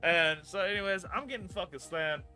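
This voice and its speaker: A man in his early thirties with a fairly high, bright, forceful voice spins a rambling, swear-heavy work story on a live stream. He keeps circling back with fillers, and his voice rises hot and loud when he reaches the angry parts. Faint music plays under him. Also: a little fast. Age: 30s. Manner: profane, rambling, gets loud and heated telling the story. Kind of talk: casual storytelling chat.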